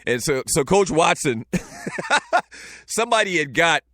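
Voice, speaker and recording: A man in his forties with a Southern Lowcountry accent, hosting a casual talk show, telling stories loosely and joking with the chat. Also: very animated, measured pace, pushed and bright, no room sound, clean studio sound. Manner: loose, joking, storytelling with frequent fillers. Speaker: show host.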